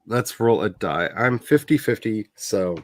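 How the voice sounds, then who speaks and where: A man's voice: on the low side, measured pace. A man talking casually on a livestream as he builds his fictional world, chatty and playful, addressing his viewers and grumbling at his browser.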